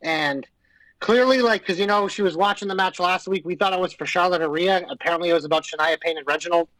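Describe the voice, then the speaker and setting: A high-pitched man trades blunt, profane opinions in a casual podcast chat. His voice sits close to the mic with no room sound at all. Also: fast, fairly bright tone, no room sound, low-quality recording. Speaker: podcast co-host. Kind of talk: casual chat about pro wrestling.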